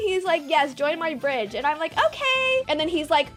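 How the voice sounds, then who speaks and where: Young woman streamer, high voice, animated storyteller who swears, faint music underneath. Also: normal speed. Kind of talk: casual storytelling to chat.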